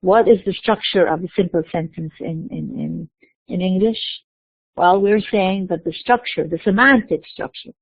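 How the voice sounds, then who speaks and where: A woman giving a recorded university lecture, explaining slowly and mixing in terms. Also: fairly low pitch, no room sound. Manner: explains slowly, spelling out letters, slipping into Arabic terms. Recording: dry tinny phone-like recording.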